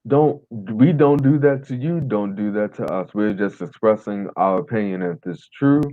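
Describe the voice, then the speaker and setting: Blunt, playful male co-host, low voice, dry tinny call audio. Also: normal speed, dry recording. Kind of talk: casual livestream chat.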